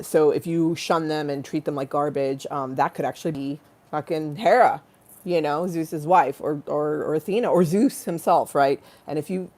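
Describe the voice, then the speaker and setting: Giggly, rambling low-voiced woman livestreaming. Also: darkish tone. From Los Angeles-based. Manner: rambling, giggly, profane, breaks into sung bits. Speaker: livestream host. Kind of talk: casual livestream chat. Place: home in a hot room with a fan.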